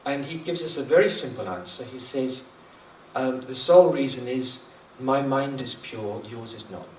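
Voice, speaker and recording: A man's voice: mid-range voice, moderate pace, darkish tone, a little hiss or hum. A man sharing spiritual teachings in a reflective talk, earnest and prone to repeating himself. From New Zealand. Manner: earnest, repeats himself, chuckles at his own jokes. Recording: echoey room, speaker far from the mic.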